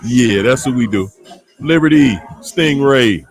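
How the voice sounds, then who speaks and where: A man with a Washington DC accent hosts a live online show, greeting viewers one by one. He talks slowly in a playful, slangy way, and his pitch swings widely. Faint music plays underneath. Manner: animated and playful, slangy, laughing often. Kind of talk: casual shout-outs to live viewers.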